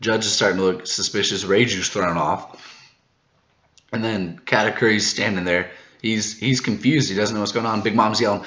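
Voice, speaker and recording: A man hosting a manga reaction video, recapping the chapter in a casual, excited way, laughing often and tripping over his words when he gets hyped. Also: lowish voice, moderate pace, roomy sound, muffled recording. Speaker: manga reaction channel host.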